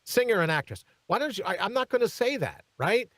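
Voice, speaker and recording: A man's voice: sits high, sing-song, a little fast, fairly bright tone, dry recording. A man hosting a talk radio show, giving emphatic commentary and turning often to his co-host. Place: radio studio.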